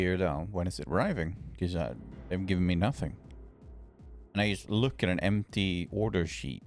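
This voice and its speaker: A man with a very low, deep voice talks casually on a live stream, rambling and grumbling as he answers his chat. Faint music plays under his voice.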